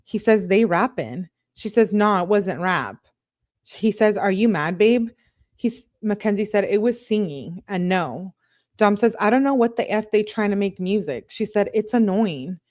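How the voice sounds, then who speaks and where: A young woman reads text messages aloud for a true crime commentary, breaking off into casual, chatty asides. Her voice sits at an ordinary pitch. The recording is dry and close, with no room sound. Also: moderate pace, a little mellow, dry recording.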